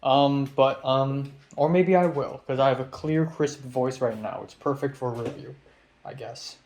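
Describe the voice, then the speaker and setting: A man's voice: medium pitch, unhurried, a little mellow. A young man from Hong Kong vlogging in a casual, rambling rant, swearing a lot and restarting his sentences. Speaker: YouTube vlogger.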